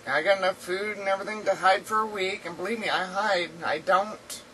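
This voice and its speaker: A woman's voice: medium pitch, brisk, pushed and bright, recorded from a distance, a little hiss or hum, poor audio. A woman chatting casually in a rambling video diary from home, laughing often, her throat dry and sore. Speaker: vlogger. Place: indoors at home.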